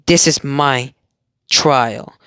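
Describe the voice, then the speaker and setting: A young man voicing a calm, confident, serious teenage boy hero in a fan story. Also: mid-range voice, very slow, clean tone, no room sound, clean studio sound. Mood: determined.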